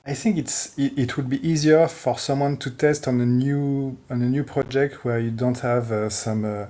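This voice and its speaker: A man in a casual online tech call, talking haltingly with many restarts. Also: medium pitch, fairly even intonation, dark tone. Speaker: community contributor.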